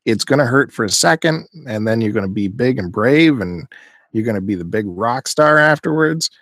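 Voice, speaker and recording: A man's voice: mid-range voice, animated, moderate pace, a bit bright, no echo, clean studio sound. A man chatting casually on a podcast, ranting and teasing in an opinionated way. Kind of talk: casual chat.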